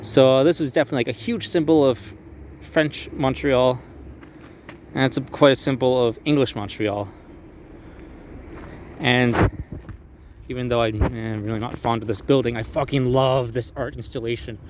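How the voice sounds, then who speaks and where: A man's voice: mid-range voice, fairly even intonation, moderate pace, pauses often, a little mellow, a little hiss or hum. A young man giving a casual walking tour outdoors on a city square. He swears freely, jokes around, and slips into mocking voices when quoting historical figures. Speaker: tour guide vlogger.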